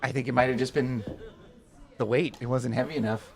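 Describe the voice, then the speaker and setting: Gravelly-voiced man, deadpan curling analyst. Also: mid-range voice, fairly quick. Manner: dry, deadpan asides. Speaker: curling co-commentator. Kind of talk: live sports commentary.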